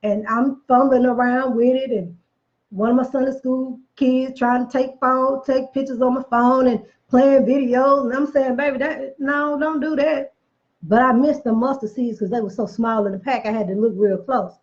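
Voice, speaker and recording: A woman's voice: on the high side, fairly even intonation, moderate pace, darkish tone, muffled recording. A woman giving a casual motivational talk, emphatic and preachy, repeating phrases for effect, with chatty folksy asides. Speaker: motivational speaker.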